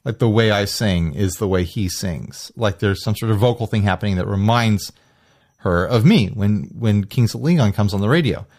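A man co-hosting a casual music podcast, chatty and self-deprecating, quick to laugh. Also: lowish voice, darkish tone. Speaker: podcast co-host. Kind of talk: casual chat.

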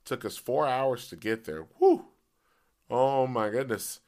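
A man hosting a casual solo podcast, his voice hoarse and cracking in and out, rambling with many fillers. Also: animated, slow pace, a little mellow. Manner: pitch jumps as voice cracks. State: voice partly gone, hoarse. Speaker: podcast host.

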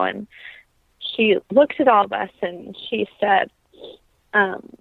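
With a creaky, medium-pitched voice, a young adult opera-trained woman opens up thoughtfully and sincerely in a relaxed interview, her speech full of fillers. There's no room sound, though the audio comes across tinny, as if over a phone.

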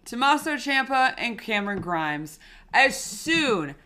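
Bright-voiced excited woman podcaster. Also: a little high, takes it slowly. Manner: excited, gushing fan talk. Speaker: podcast co-host. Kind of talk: casual chat.

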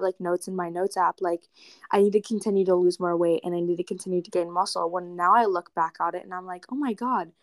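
A woman's voice: lowish voice, no echo, clean studio sound. A young woman guest on a casual podcast, speaking candidly and earnestly with many fillers.

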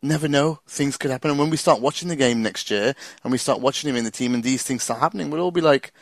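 A man's voice: mid-range voice, fast, dry recording. A man with a Liverpool accent hosting a casual fan chat, enthusiastic and repeating himself. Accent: Liverpool English. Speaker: host.

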